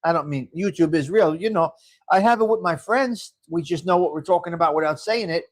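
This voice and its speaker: A man's voice: a little high, a little fast. A middle-aged man hosting a casual livestream, reading viewer comments and chatting in a rambling way with frequent laughs. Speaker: livestream host.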